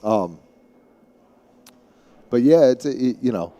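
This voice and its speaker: A man's voice: medium pitch, lively intonation, takes it slowly, warm tone. A man from Staten Island with a thick New York City accent, chatting and rambling as a guest commentator on live pool. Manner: chatty, rambling, with many restarts.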